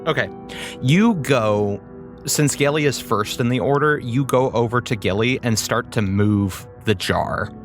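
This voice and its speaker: A man narrating a tabletop game as game master, relaxed with halting descriptions. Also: medium pitch, faint music behind.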